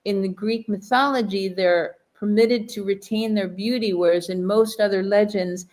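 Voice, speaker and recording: A woman's voice: mid-range voice, fairly even intonation, normal speed, darkish tone. A woman co-hosting a podcast in casual conversation, enthusiastic and prone to speculative tangents. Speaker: podcast co-host.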